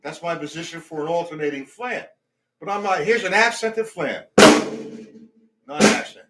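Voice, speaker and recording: A man's voice: a little high, normal speed, loud music behind the voice. A man teaching a drum lesson, talking between demonstrations and counting beats aloud. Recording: echoey room, mic far off, loud drums.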